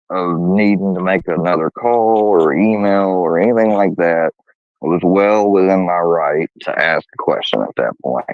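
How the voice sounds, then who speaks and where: A man's voice: low voice, vocal fry, darkish tone, dry recording. Profane, heated man telling a story. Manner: profane, heated, quotes others in a raised voice. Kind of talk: casual storytelling. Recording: dull, dry lo-fi sound.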